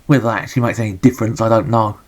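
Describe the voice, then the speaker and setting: A man's voice: fairly low pitch, steady tone, racing. An English man giving a sarcastic, grumbling, joke-filled running commentary as he reviews a retro game.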